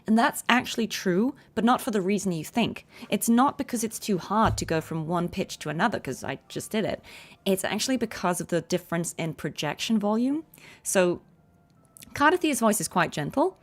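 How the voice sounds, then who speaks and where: A young adult woman, a voice actress, chatting casually on a livestream and explaining voice technique with quick demonstrations. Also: medium pitch, lively intonation. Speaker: voice actress streaming a game.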